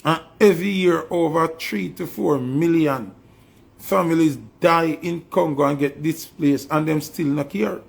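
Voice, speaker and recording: Jamaican Patois man, gravelly and raspy, fervent preachy monologue. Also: fairly high pitch, a little slow. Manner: preachy, fervent, repetitive questions. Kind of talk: impassioned spoken monologue.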